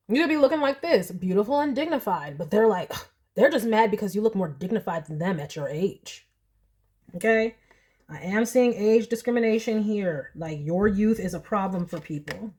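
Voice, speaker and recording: A young woman giving a casual pick-a-card tarot reading, chatty and animated, often laughing. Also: mid-range voice, breathy edge. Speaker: tarot reader.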